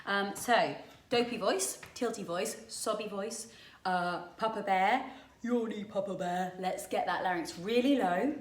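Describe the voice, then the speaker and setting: A woman's voice: medium pitch, unhurried. Chatty vocal coach woman, roomy sound. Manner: chatty, encouraging, demonstrates exercises aloud. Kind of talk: singing warm-up lesson.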